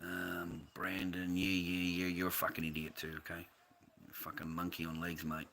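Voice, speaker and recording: A man's voice: sits low, completely flat delivery, normal speed, creaky, background noise. A man with an Australian accent who grew up in the United States, chatting on a livestream and answering viewers in a profane, combative way. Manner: profane, combative, swears constantly.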